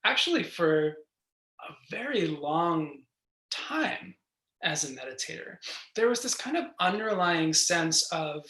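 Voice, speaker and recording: Meditation teacher from New York: slow, gentle, reflective delivery with a bright tone, over a roomy video call. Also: medium pitch, sing-song. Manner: gentle, reflective, unhurried, with soft laughs. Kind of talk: guided meditation talk. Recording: roomy echo.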